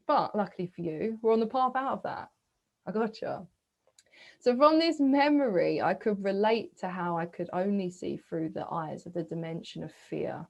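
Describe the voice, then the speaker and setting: A woman, leading a gentle self-reflection talk as a spiritual coach, asking soft searching questions and pausing to sigh. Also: mid-range voice, poor audio. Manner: breathy sighs, slow reflective pauses.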